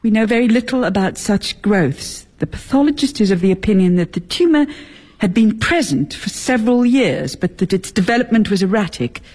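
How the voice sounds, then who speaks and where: A woman's voice: fairly high pitch, a little mellow, slightly rough. An actress playing a bitter, sarcastic middle-aged wife and mother in a radio drama. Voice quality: cutting, sarcastic.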